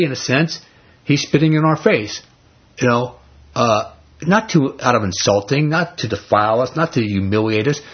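A man's voice: medium pitch, husky, muffled recording. A man leading an informal Bible study. He retells scripture in everyday speech and keeps asking the group rhetorical questions.

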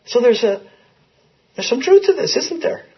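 A man's voice: very high voice, big pitch swings, normal speed, breathy edge, highs cut off. A man leading an interactive Bible class, asking his listeners questions in a conversational way.

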